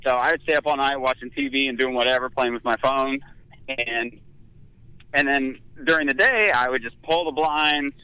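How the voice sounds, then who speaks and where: A man's voice: mid-range voice, normal speed, clean tone, dry recording, narrow, tinny audio. A man guest telling a candid, self-mocking personal story in casual conversation.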